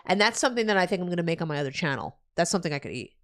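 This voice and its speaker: A young woman from New Jersey talks to her live-stream chat in a loose, profane rant. Her voice swoops high and low with lively, animated pitch. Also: very fast. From New Jersey, USA. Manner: profane ranting, loud swings in pitch. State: pregnant.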